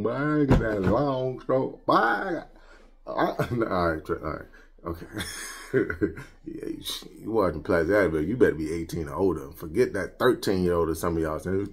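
A man chatting casually while showing off his toy collection at home, joking and slangy and quick to laugh. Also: low-pitched, lively intonation, breathy edge. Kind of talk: casual unboxing chat. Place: home collection room with shelves.

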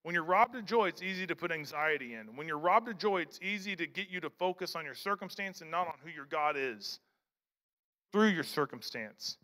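A male pastor with a high, bright voice preaches a conversational sermon. He repeats his phrases and restarts his sentences. The sound carries a long reverb from the church hall. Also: animated, a little fast. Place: church sanctuary.

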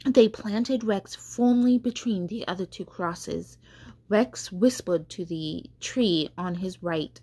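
A woman catechist reading a children's storybook aloud in a gentle, unhurried way. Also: medium pitch, husky.

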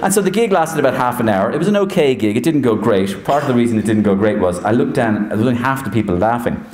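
A man with an Irish accent, a comedian and impressionist telling a lively, animated stand-up story to a university audience. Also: mid-range voice, fast talker, roomy sound, a little hiss or hum, poor audio. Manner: lively, animated, jumps into voices. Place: university lecture hall.

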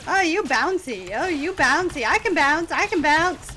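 Very high-pitched excitable young woman. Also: measured pace, slight background noise. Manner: excitable, playful, self-mocking. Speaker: gaming channel host. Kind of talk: let's play commentary.

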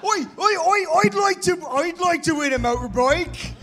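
A man voicing an eager rustic fellow with a Somerset accent, shouting. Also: very high-pitched, expressive, moderate pace, voice pushed up, exaggerated voice. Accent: Somerset English. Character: eager rustic man who wants a motorbike.

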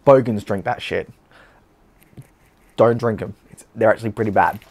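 A man's voice: on the low side, steady tone, normal speed, darkish tone. An Australian man hosting a casual beer-tasting vlog, chatty and blunt, with slang and swearing.

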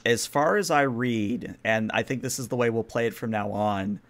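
Man, game master, tabletop game, relaxed, fillers, mid pitch. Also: normal speed. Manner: relaxed, explains rules with fillers. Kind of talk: narrating a tabletop game over voice chat.

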